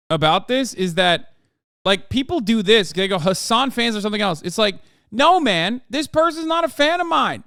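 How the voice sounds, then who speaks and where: An exasperated man rants on a livestream, cursing and stressing each point with a demanding "okay?". His voice sits high and comes through smooth and clear. The sound is close and dry, with no room around it. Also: a bit bright, no echo. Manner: exasperated, profane, emphatic, repeats "okay?". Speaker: streamer reacting to posts. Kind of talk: casual livestream rant.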